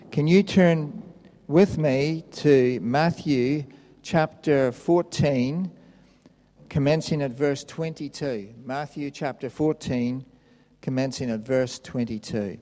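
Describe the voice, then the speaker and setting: A man preaching a sermon, reading a Bible passage aloud in a slow, measured way. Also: mid-range voice, warm tone. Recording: long reverb of a hall.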